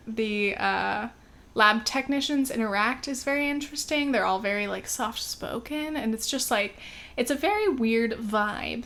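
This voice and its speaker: Chatty young American woman, higher voice. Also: fairly bright tone. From United States. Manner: chatty and candid, with frequent fillers and casual swearing. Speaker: podcast host. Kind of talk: casual solo podcast chat.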